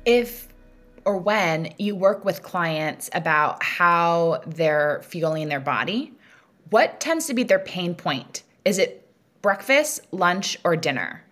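A woman hosting a podcast, asking questions and reflecting in a measured, thoughtful way. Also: lowish voice, animated, a bit bright, soft background music. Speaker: podcast host.

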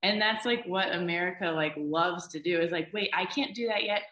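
A woman co-hosting a casual conversation, chatty and quick to agree. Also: on the low side, pushed and bright. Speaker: co-host. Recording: echoey room.

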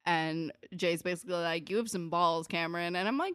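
A woman's voice: lowish voice, measured pace, fairly bright tone, no room sound, clean studio sound. A woman chatting casually about a TV episode, sarcastic and full of "like", swearing now and then. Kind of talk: casual recap chat.

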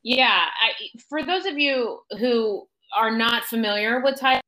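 A middle-aged woman talks as a guest on a casual interview show, spinning animated stories and laughing easily. Her voice is bright and forceful, with an edge to it. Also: fairly high pitch, measured pace, rough recording. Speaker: Broadway actress, podcast guest.

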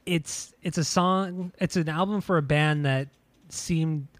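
A man's voice: a little high, unhurried, no room sound. A man co-hosting a podcast, talking casually about music in a rambling way with many restarts. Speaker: podcast co-host. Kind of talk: casual chat.

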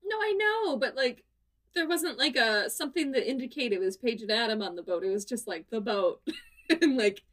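A woman's voice: a little high, moderate pace. A woman co-hosting a podcast, chatting casually and laughing often as she retells the episode. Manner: giggly, animated storytelling. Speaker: podcast co-host. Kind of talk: casual recap chat.

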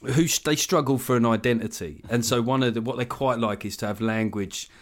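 A man in his forties holds forth in a relaxed chat, opinionated and openly exasperated. He talks at an ordinary middle pitch and swears freely. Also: fairly quick. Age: 40s. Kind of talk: casual chat.

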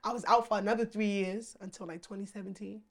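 Fast-talking slangy woman telling stories. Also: medium pitch. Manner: slangy, animated, swears freely. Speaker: guest. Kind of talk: casual storytelling interview.

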